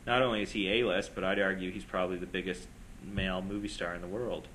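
A man with a low voice debating films with friends. He argues in long, reasoned stretches over a faint background hiss. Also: fairly even intonation, fast, a bit bright, poor audio. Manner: argumentative, talks in long reasoned runs. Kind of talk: casual film debate.

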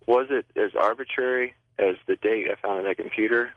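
Male caller, fast and earnest, low voice, muffled phone line. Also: dry recording. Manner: earnest, asks a long question. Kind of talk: phone call to a radio show.

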